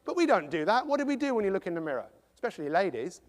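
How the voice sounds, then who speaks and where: Lively English man on stage. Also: high voice, long reverb tail. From England. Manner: animated, jokey, acts out quick impressions. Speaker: motivational speaker. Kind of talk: live motivational talk to an audience.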